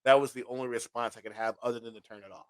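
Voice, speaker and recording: A man's voice: medium pitch, fairly even intonation, very fast, smooth, dry recording. A man in his late thirties co-hosting a casual podcast, laid-back and giggly, often restarting his sentences. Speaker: podcast co-host.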